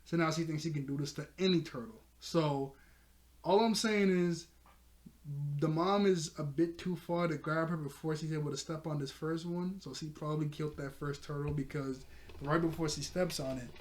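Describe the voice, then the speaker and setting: Guy recapping a cartoon ep, kinda high voice, laughs a lot, acts out the lines. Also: moderate pace. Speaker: episode reviewer. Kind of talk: casual recap with quoted voices.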